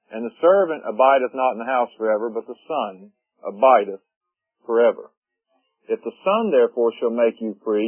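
A man preaching a sermon, reading scripture slowly and then explaining it with small fillers. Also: medium pitch. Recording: tinny phone-like radio broadcast.

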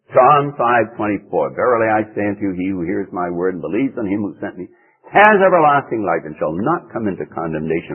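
A man preaching a sermon in an earnest, emphatic way, his voice leaping up for emphasis. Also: slightly rough. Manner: earnest, emphatic preaching with sudden rises in pitch. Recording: tinny narrow-band old radio recording.

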